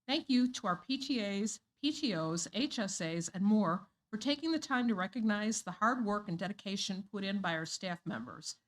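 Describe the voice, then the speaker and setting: A woman's voice: mid-range voice, lively intonation, moderate pace, hardly any pauses. Woman board member reading announcements. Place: board meeting room.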